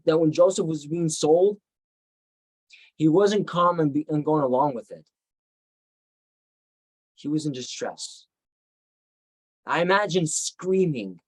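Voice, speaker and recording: A man's voice: on the high side, lively intonation, takes it slowly, long pauses, breathy edge, no room sound, poor audio. A man teaching a Bible study, retelling the story reflectively with frequent restarts.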